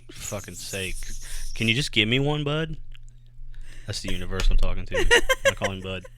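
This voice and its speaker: A man's voice: fairly low pitch, huge pitch swings, normal speed, bright, forceful tone, slight background noise. A man in his thirties co-hosting a podcast, telling crude, self-mocking stories in casual comedic chat. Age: 30s. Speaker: podcast co-host.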